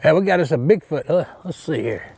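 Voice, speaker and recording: An actor playing a bumbling, boastful redneck Bigfoot hunter with an Alabama Southern drawl, rambling and cocky in a mock outdoor show. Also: male voice, a little high, lively intonation, brisk, gravelly, a little mellow, slightly rough, exaggerated voice. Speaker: hunting show host character.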